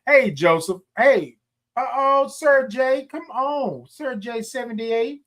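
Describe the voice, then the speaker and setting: A man's voice: very high voice, takes it slowly, a bit bright. A man hosting a casual morning livestream, greeting viewers by name, calling them y'all, and stretching his greetings into long sung notes. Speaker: livestream host. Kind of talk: upbeat morning livestream chat.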